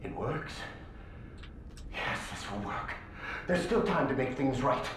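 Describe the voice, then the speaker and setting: A man's voice: medium pitch, animated, slow pace, a bit bright. An actor playing an earnest, urgent older male scientist in a video game, pleading for help. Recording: very echoey game audio with faint noise.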